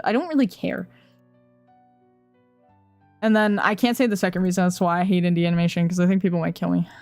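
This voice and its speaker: A woman's voice: medium pitch, no room sound. A young woman streamer chatting casually with her viewers, ranting bluntly, swearing often and laughing a lot. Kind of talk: casual chat reacting to chat messages.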